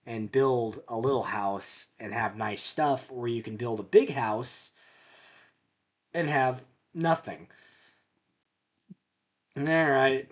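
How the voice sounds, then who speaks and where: A man giving casual, rambling commentary over his own gameplay, deliberately talking a bit louder than usual, with muttered asides. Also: lowish voice. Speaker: gameplay video host.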